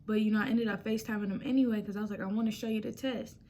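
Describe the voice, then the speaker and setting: A woman's voice: medium pitch, fairly even intonation, racing, dark tone, a little hiss or hum. A young woman vlogger chatting casually, retelling a personal story and acting out quotes.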